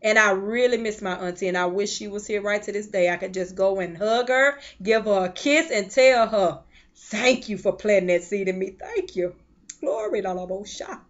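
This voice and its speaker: A woman's voice: mid-range voice, moderate pace. Fervent woman preaching a sermon, lo-fi. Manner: impassioned preaching with sudden loud swells and soft drops; speaks in tongues between phrases.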